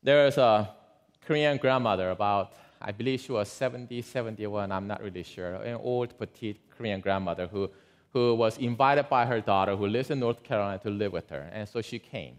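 A man preaching a sermon, telling an illustration in a lively way with asides to his listeners. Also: lowish voice, a little fast. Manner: lively, animated storyteller with asides to the congregation. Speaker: pastor. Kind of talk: sermon storytelling.

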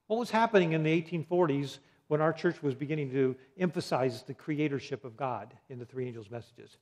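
A man's voice: a little high, a little mellow, lo-fi sound. A man teaching a Bible study lesson, putting questions to his listeners and answering them himself, and spelling out words letter by letter. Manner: spells out words letter by letter, many fillers and restarts.

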